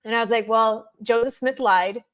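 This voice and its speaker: A woman in her thirties, a podcast guest, telling her story in an animated way and acting out her children's words. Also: a little high, normal speed. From United States. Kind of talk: personal testimony in a podcast interview.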